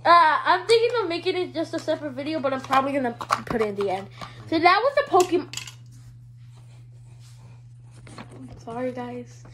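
A woman's voice: high voice, very animated, moderate pace, pauses often, background noise. A female vlogger showing her toy collection in a hyper, giggly, rambling way. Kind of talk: casual show-and-tell vlog.

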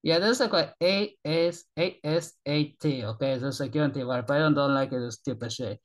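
A man from Argentina, originally a Spanish speaker, delivers casual reaction commentary for his YouTube channel in a slightly high, brisk voice. He's excitable, rambles in broken English, and swears constantly.

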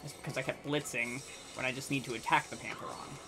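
A man's voice: mid-range voice, fairly even intonation, fast. A man hosting a gaming channel, giving casual let's-play commentary and thinking aloud to himself in a muttering way. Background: faint game music.

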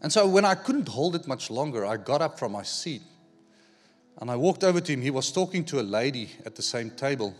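A man preaching a sermon, telling a personal story in an animated way, acting out the dialogue and repeating words as he goes. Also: medium pitch, a little fast, soft background music. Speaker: pastor.

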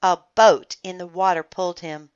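A woman reading a children's book aloud in an expressive, animated storytelling manner. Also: lowish voice, moderate pace, clean tone, highs cut off.

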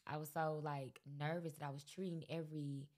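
A woman with a low voice talks fairly quickly as a guest rapper on a podcast. The interview is casual, and she's relaxed, rambling along with plenty of fillers.

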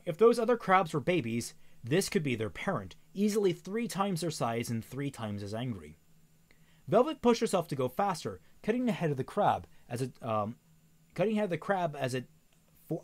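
A man reading a novel aloud on a stream, often stumbling and correcting himself, with wry asides. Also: on the high side.

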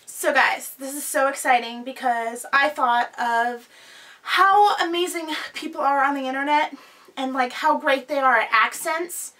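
A woman's voice: sits high, a little slow, sharp tone, recorded from a distance. A young woman hosting her own vlog, chatting casually in a giggly, self-deprecating way. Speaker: vlogger host.

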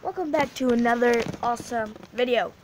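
A woman's voice: a little high, brisk, noisy background. A female gaming channel host giving casual, rambling gaming commentary, giggling and restarting her sentences often.

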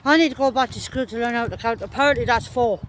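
A woman's voice: fairly high pitch, fast, a little hiss or hum. An English woman filming a casual vlog on a walk in a park, chatting and teasing with her sister. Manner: chatty, teasing, laughs often. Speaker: vlogger filming. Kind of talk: casual chat. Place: park outdoors. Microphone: handheld phone camera.

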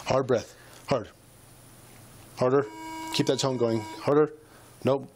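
A male police officer recorded on a body camera, talking at a middling pitch as he patiently coaches a breath test with short, repeated commands. The audio is noisy, with a clear hiss and room sound under his voice. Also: fairly even intonation, slow, darkish tone. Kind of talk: bodycam breath test instructions.

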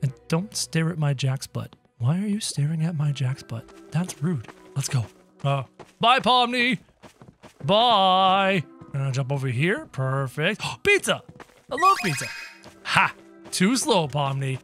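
Guy doing excitable lets-play commentary, high voice, bouncing all over the place. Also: measured pace, faint music behind. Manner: excitable, playful, talks to viewers. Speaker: gameplay video creator.

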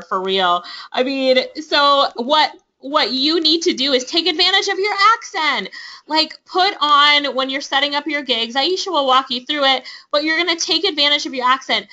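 Bright, upbeat woman hosting a webinar. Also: sits high. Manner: upbeat and persuasive, laughs often. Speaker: webinar host and online business instructor. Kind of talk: live webinar sales pitch. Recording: dull lo-fi webinar audio.

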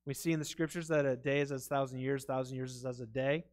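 A man's voice: mid-range voice, steady tone, fast talker, darkish tone. A man preaching a sermon in a church, earnest and conversational, stumbling over his words now and then. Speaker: pastor. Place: church sanctuary.

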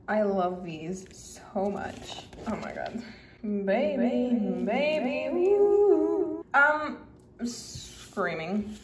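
A young woman vlogging an unboxing of gifts, gushing, squealing and laughing as she opens them. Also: mid-range voice. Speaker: book vlogger. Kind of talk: casual unboxing vlog. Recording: echoey room, faint room noise.

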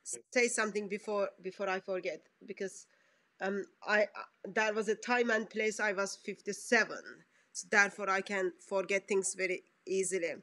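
A woman's voice: medium pitch, steady tone, normal speed, pushed and bright. A woman interviewing a guest and speaking in an emphatic, preacher-like way.

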